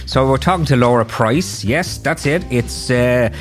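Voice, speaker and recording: A man's voice: medium pitch, animated, unhurried, soft background music. A man in his fifties with an Irish accent, hosting a podcast interview in a chatty, rambling way with many restarts and asides. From Ireland. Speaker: podcast host. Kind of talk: casual interview chat.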